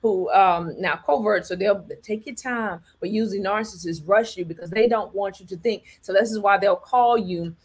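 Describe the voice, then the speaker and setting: A woman's voice: mid-range voice, normal speed, few pauses, husky. A woman hosting a commentary talk, speaking emphatically and often checking in with her listeners, acting out quoted lines. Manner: preachy, repeats "all right" and "do you understand me", acts out quotes. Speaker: host.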